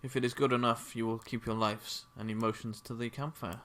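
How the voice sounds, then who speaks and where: A man narrates an online tabletop game as game master. His voice sits at a middling pitch. He often stops to check rules, filling the gaps with ums and uhs. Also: little pitch movement, a little fast, fairly bright tone, slight background noise. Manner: hesitant, frequent fillers.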